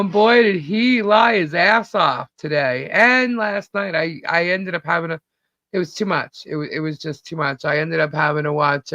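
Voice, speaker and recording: A woman hosting a live stream, casually greeting chat viewers by name, her voice a little hoarse and laughing often. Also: sits low, fairly bright tone, no echo. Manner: chatty, laughs often, reads out viewer names. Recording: dull lo-fi stream audio.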